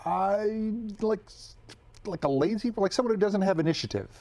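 Dry, sarcastic male guest for a casual comedy chat; lively, slightly high voice. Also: moderate pace, a little hiss or hum. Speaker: podcast guest.

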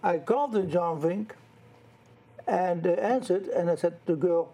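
An older man with a Dutch accent chats as a guest on a talk show. His voice sits high for a man and has a husky, rough edge. He rambles through his stories in a friendly, unhurried way. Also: warm tone. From Netherlands. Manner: chatty, rambling storyteller. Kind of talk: casual chat.

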